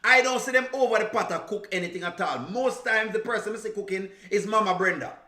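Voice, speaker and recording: A man's voice: sits high, fast talker, sharp tone, reverberant. A man from Jamaica with a Jamaican accent, chatting casually on a live stream, teasing and laughing and slipping into patois. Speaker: reaction streamer.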